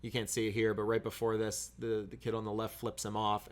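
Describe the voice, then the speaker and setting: A man's voice: on the low side, completely flat delivery, brisk. A man giving a casual film review, blunt and critical, with frequent "um" fillers and the odd swear word.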